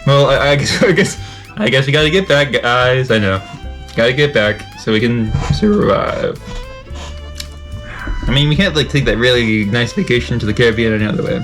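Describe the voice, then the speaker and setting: A man's voice: medium pitch, moderate pace, a bit bright, soft background music. A young man co-hosting a reaction video in casual joking chat, playful and sarcastic, laughing often.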